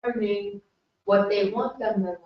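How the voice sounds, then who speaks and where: Woman, class member, slow deliberate speech; distant, dull, very roomy recording. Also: medium pitch, fairly even intonation. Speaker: class member adding a comment. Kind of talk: slow group discussion. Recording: very echoey, distant, dull sound.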